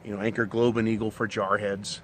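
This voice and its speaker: A man's voice: on the low side, flat delivery, fairly quick, a bit bright, a little hiss or hum. Blunt, profane ranting man. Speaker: channel host. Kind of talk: casual monologue.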